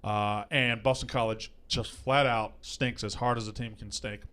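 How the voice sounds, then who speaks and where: A man hosting a casual sports betting show, rattling off picks and results in a brisk, joking way. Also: on the low side, steady tone, a bit bright.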